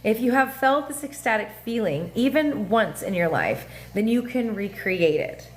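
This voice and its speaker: A woman hosting a casual astrology livestream, talking in an animated, profane way with laughing asides and sing-song voices. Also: on the high side, moderate pace. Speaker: livestream host. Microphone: phone or webcam mic.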